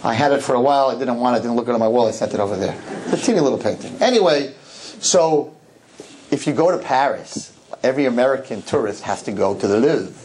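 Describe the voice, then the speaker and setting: A man giving a humorous, animated talk to a live audience, full of rapid asides and repeated words. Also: mid-range voice, a little hiss or hum. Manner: animated, joking, rapid-fire asides and repetitions. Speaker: rabbi giving a public talk.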